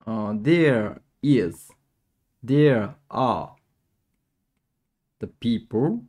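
A young man runs a live-streamed language lesson, switching between English and as he works things out aloud. His pitch swings widely, and his tone is dark and mellow. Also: expressive, drawn-out words. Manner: mixes English and Japanese, thinks aloud with restarts. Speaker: Japanese teacher.

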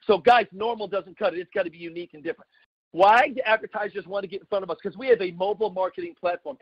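A middle-aged man from the United States giving an emphatic, repetitive sales pitch with folksy asides. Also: slightly rough, no room sound. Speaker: network marketing presenter. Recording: dull lo-fi sound.

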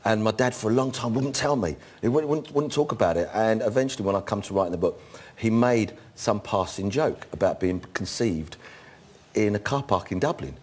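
A man in his fifties with a fairly low voice, chatting as a guest on a talk show. He tells his stories in a cheeky, jokey way. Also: a little fast, darkish tone, slight background noise. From England. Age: 50s. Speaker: guest actor. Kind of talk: casual chat-show anecdote.

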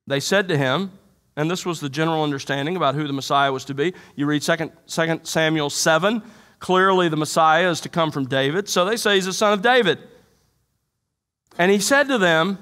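A pastor with a notably high, light voice preaches to his congregation. He reads scripture aloud and then unpacks it with emphatic rhetorical questions. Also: animated, moderate pace, pauses often, sharp tone. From United States. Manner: expository preaching, quoting and explaining scripture. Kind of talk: sermon. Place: church sanctuary.

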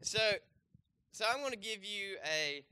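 Bright-voiced young man preaching casually. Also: high-pitched, expressive, measured pace, smooth. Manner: conversational, many fillers and restarts, asks the congregation questions. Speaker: pastor. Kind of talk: casual sermon with a volunteer demonstration. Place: church.

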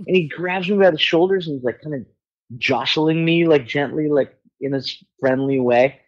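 A man guesting on a podcast, telling a story in casual chat, animated and swearing freely as he acts out other people's voices. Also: a little high, normal speed, dull audio. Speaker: guest musician.

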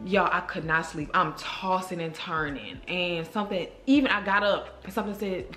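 A woman's voice: lowish voice, moderate pace, few pauses. Chatty woman vlogger in a roomy space. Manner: chatty, animated, talks straight to viewers. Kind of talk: casual storytelling to viewers. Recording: roomy echo.

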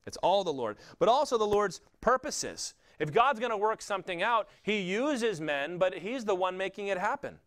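A male pastor with a Southern US accent delivering a sermon, rising loud for emphasis and dropping low for quoted lines. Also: sing-song, moderate pace, hardly any pauses.

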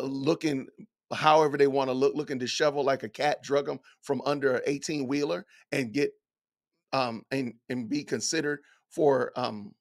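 A middle-aged man reading lines from an essay aloud and reacting with incredulous, folksy rhetorical questions. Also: mid-range voice. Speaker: commentator.

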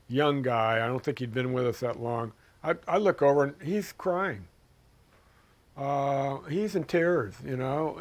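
Older man, former officer, mid pitch, vivid storyteller, interview. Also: a little mellow. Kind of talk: documentary interview recollection.

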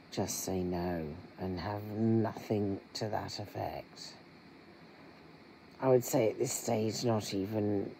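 A middle-aged vlogger, talking earnestly and haltingly to viewers with many pauses. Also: mid-range voice, gravelly, dark tone, a little hiss or hum, rough recording. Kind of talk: candid personal vlog talk.

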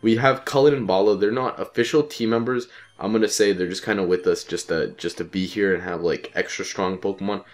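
A young man rambles through his gameplay commentary in a low, deep voice, stuffed up and congested from a cold. He talks offhandedly and swears casually as he plays. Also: steady tone, fairly quick. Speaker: let's play commentator.

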